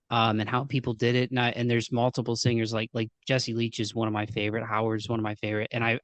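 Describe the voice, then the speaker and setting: A man's voice: medium pitch, no room sound. Man, podcast host, rambling casual chat, dry recording. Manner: rambling, lots of fillers and restarts, name-dropping.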